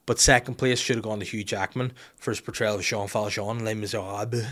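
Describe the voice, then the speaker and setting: A man's voice: lowish voice, fairly even intonation, brisk, a bit bright. A man hosting a comic monologue, ranting irreverently, swearing often and laughing at his own jokes. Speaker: host.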